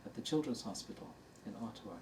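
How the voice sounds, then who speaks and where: A man's voice: lowish voice, expressive, fast. Older man telling a story from a distance. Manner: warm anecdotal storytelling, laughing at his own story. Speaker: dharma teacher. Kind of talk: storytelling talk to an audience. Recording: distant mic in a room with faint noise.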